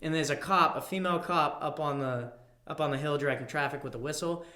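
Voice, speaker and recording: Bright-voiced man telling animated stories. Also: on the high side, quick pace, echoey room. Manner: animated storyteller who swears freely. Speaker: podcast guest, personal trainer. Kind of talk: casual interview chat.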